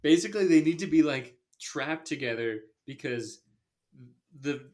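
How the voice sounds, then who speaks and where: A man's voice: fairly high pitch, animated, unhurried, darkish tone. A man talking through a movie review in loose, casual podcast chat. His delivery is dry and sarcastic, with laughter slipping in as he mocks the plot. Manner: sarcastic, laughs while criticizing. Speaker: podcast co-host.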